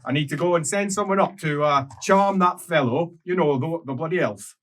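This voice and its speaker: A man voicing a stressed, bald male tax official who shouts and swears. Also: on the high side, normal speed, pitched above the performer's own voice, close to an everyday voice. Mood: irritated.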